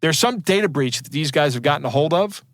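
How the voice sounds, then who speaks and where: A man's voice: on the high side, lively intonation, brisk, no room sound, clean studio sound. A man co-hosting a podcast, chatting casually and digressing to explain technical details. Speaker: podcast co-host. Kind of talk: casual chat.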